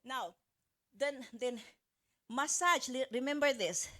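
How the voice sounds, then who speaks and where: Her voice sits high and a bit bright, and she takes it slowly as she presents a live seminar as a motivational speaker. Chatty and coaching, she jokes with the audience and often hunts for words and begins phrases over.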